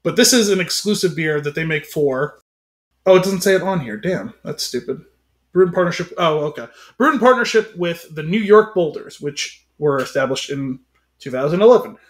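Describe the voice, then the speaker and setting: High-voiced joking podcast host. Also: male voice, expressive, moderate pace. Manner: joking, rambling, wordplay. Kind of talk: casual podcast chat.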